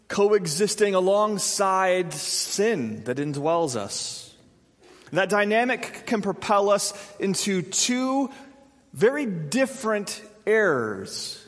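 A man preaching a sermon, telling stories with humor and acting out little asides. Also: high voice. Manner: animated storytelling with humor and acted-out asides. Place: church sanctuary. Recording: long reverb of a large hall.

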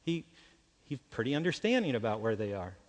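A man preaching an earnest sermon, dropping to a hushed voice when he speaks God's lines. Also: mid-range voice, big pitch swings, brisk. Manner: earnest, shifts to hushed quiet voice when quoting God. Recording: long hall reverb.

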